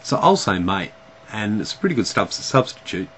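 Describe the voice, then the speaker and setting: A man's voice: fairly low pitch, big pitch swings, moderate pace, fairly bright tone, slight background noise, rough recording. A man with an Australian accent chatting casually to camera in a vlog, hesitant and full of ums and restarts. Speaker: vlogger.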